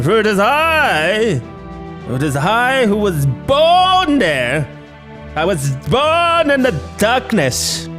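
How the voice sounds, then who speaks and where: A man putting on the voice of a menacing, grandiose masked male villain, speaking slowly and theatrically. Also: full character voice. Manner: slow, booming, theatrical.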